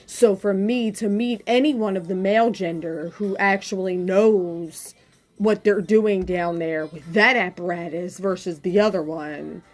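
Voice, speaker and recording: A woman podcast co-host in casual chat, telling stories in a chatty, expressive way. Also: mid-range voice, unhurried.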